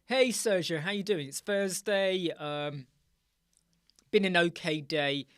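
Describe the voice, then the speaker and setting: A man's voice: a little high, takes it slowly, fairly bright tone, no echo, clean studio sound. A man hosting a live Q&A stream from his room, chatting casually and greeting viewers by name. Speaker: host.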